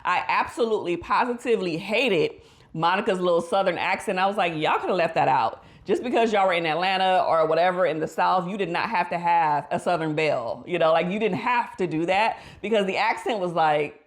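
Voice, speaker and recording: A woman therapist giving casual movie reaction commentary, expressive and slangy, with her voice leaping up for emphasis. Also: a little fast. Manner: pitch leaps up in emphasis.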